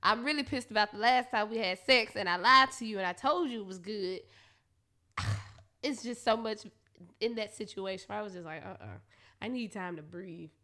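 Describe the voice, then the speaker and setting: A woman's voice: medium pitch, brisk, bright, forceful tone. A slightly tipsy woman telling blunt, profane stories at home, laughing often. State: a little tipsy. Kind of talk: casual confessional storytelling. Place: alone at home.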